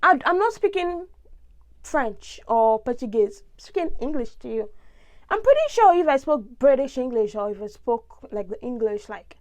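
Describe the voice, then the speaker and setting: A woman's voice: high-pitched, normal speed. A young woman from Nigeria with a Nigerian accent, talking expressively in a casual vlog monologue. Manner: expressive, ranting, big swings in tone. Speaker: vlogger.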